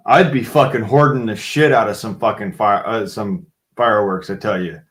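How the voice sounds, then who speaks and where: A man livestreams a casual rant to his live chat, his voice on the low side, unhurried and a bit bright. He rambles and swears as he chats with viewers, laughing often.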